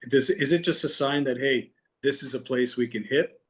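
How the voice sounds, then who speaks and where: A man's voice: mid-range voice, normal speed. A man co-hosting a podcast in casual chat, teasing his partner with dry banter. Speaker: podcast co-host.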